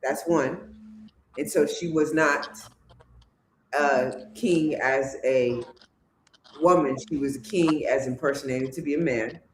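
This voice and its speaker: Slow preachy livestream host, really drawn out, echoey room w/ a little hiss. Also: mid-range voice. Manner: preachy, emphatic, rising to loud declarations. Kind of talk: spiritual talk show monologue. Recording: echoey room with faint background noise.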